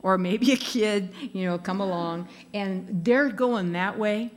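A woman's voice: medium pitch, slow. A woman giving a casual sermon, chatty and laughing, acting out little quoted lines as she goes. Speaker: speaker giving a devotional talk.

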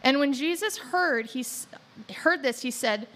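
A woman's voice: sits high, animated, a little slow, a bit bright. A woman giving a casual sermon, retelling a Bible story in loose, conversational words with joking asides. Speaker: Bible teacher.

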